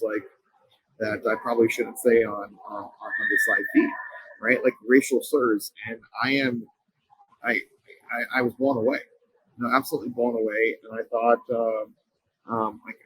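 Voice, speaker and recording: A man, a company co-founder, speaking as an interview guest and telling a personal story in an earnest, halting way with frequent restarts. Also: medium pitch, fairly even intonation, a bit bright, breathy edge, dry recording, poor audio.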